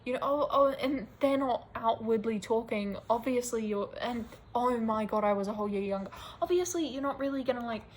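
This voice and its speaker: A young woman with an Australian accent, ranting casually to camera in a rambling, animated, self-mocking way. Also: on the high side, a little fast, few pauses, a little hiss or hum, poor audio. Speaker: vlogger.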